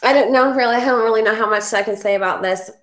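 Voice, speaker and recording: A woman from Kansas City, a guest author, chatting casually and a little haltingly over a video call. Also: fairly high pitch. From Kansas City, Missouri. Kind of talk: casual chat. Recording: echoey room.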